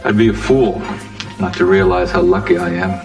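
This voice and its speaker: An actor playing a confident starship officer who flirts in a slow, intimate way, heard as a clip from a TV series. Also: male voice, sits low. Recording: distant TV clip with music.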